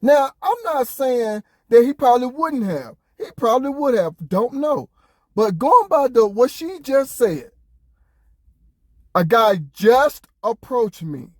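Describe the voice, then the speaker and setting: A man's voice: very high voice, lively intonation, slow pace, no echo. Incredulous man commenting, dry sound. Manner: incredulous, emphatic, rhetorical questions; casual, conversational. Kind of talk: reaction commentary.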